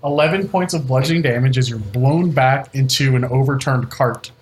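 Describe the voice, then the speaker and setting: A man narrating and ruling as game master of a tabletop game, giving quick calls on dice rolls. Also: mid-range voice, noisy background.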